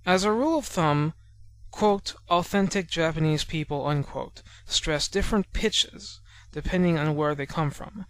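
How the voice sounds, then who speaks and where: Male lesson narrator, slightly high voice, patient and explanatory, slows down to sound out examples. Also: fairly bright tone. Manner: measured and explanatory, spells out sounds slowly. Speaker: language teacher narrating a lesson.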